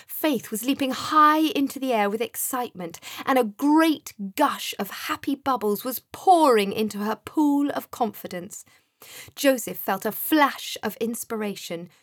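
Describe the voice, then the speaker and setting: A woman reading a children's story aloud in a slow, soothing way. Her voice sits on the higher side and is breathy, and the recording is dry and close. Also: no room sound. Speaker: narrator. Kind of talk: storybook narration.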